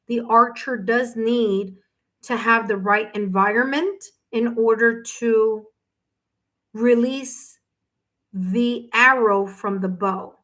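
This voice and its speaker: A woman reads tarot for a paying viewer on a live stream, calm and unhurried. Her voice sits a little high and her pace is slow. She keeps soothing and reassuring the viewer, talking straight to them through a case of hiccups. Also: rough recording. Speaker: tarot reader.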